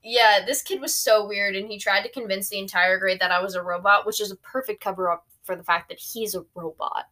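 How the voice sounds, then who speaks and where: A woman's voice: medium pitch, steady tone, brisk, hardly any pauses, pushed and bright. A teenage girl hosting a podcast, rambling and giggly with lots of fillers. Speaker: podcast host. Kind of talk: casual chat.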